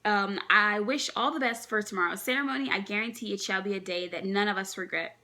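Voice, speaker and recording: A woman's voice: medium pitch, a little fast, sharp tone. A woman reading aloud as a proud, formal middle-aged king, stiff in manner.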